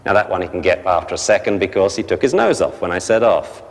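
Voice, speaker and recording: Dog trainer in a reverberant hall. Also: male voice, sits low, animated. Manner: brisk coaching, sharp commands to dogs. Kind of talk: dog training class instruction.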